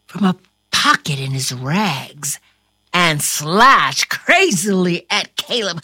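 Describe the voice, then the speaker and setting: A woman's voice: high-pitched, pushed and bright, no room sound. A woman reading a storybook aloud to a listener in a dramatic, theatrical way, dropping into whispers and bursting into exclamations. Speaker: storybook reader.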